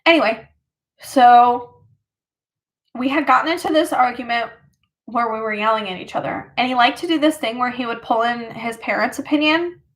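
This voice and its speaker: A woman's voice: fairly high pitch, moderate pace, fairly bright tone. A woman vlogger casually telling a personal story, rambling with lots of fillers.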